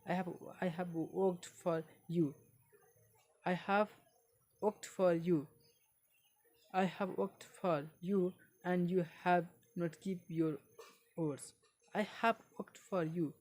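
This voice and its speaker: A woman, not a native English speaker, reading a book aloud in a halting way and repeating phrases for learners. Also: lowish voice, fairly even intonation, a little mellow.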